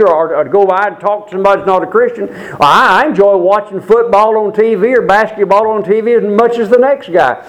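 Earnest high-voiced male preacher. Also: low-quality recording. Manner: earnest, emphatic preaching with rhetorical questions; reads scripture aloud slowly and deliberately. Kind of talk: sermon.

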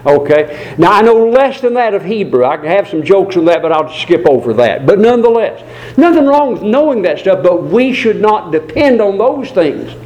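A man preaching a sermon in a folksy, digressive way, slowing down to stress key words and adding asides and small jokes. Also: high voice, big pitch swings, a little mellow, low-quality recording.

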